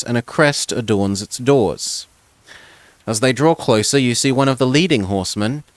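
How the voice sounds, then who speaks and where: A man reading a fantasy gamebook aloud in the second person, with a middle-pitched voice. He trips over words and restarts them in a relaxed way. The sound is dry and close. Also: no room sound. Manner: second-person narration with stumbles and casual asides. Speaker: gamebook reader.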